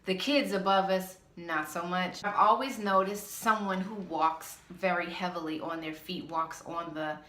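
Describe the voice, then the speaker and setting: Brief: woman vlogger, low-pitched but bright and forceful, blunt and sassy, echoey room. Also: steady tone, measured pace, hardly any pauses. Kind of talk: casual ranting monologue.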